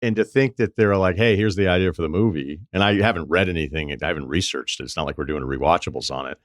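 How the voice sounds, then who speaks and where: A man's voice: sits low, quick pace, no echo, studio quality. A man hosting a podcast in reflective, casual conversation. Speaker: podcast host.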